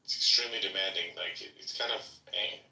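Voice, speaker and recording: A man speaks in a low, sharp-edged voice, hesitant and halting in casual chat. He is off-mic in a room that echoes noticeably. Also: distant mic.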